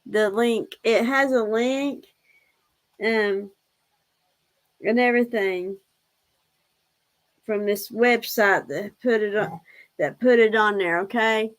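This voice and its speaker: A woman's voice: a little high, slow, long pauses, poor audio. A woman hosting a casual livestream, chatty, laughing often and fondly scolding her pets. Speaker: livestream host.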